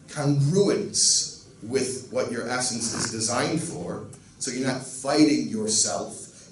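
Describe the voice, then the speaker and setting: A man's voice: mid-range voice, darkish tone. Male rabbi, earnest teaching voice, Yiddish-laced lecture, distant roomy recording. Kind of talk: Torah lecture. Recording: roomy, distant mic, faint noise.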